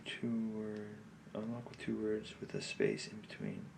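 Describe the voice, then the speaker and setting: Brief: man, low gravelly mutter, tense whispering to himself, clear room noise behind. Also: sing-song, measured pace. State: stressed and shaky. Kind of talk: muttering to himself while solving a puzzle.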